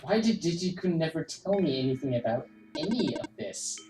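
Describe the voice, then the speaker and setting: A woman's voice: deep voice, animated, moderate pace, pitched above the performer's own voice. A woman voicing a lost, earnest young child in a game, asking pleading questions. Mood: puzzled. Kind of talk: game dialogue read aloud. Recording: roomy echo with game music.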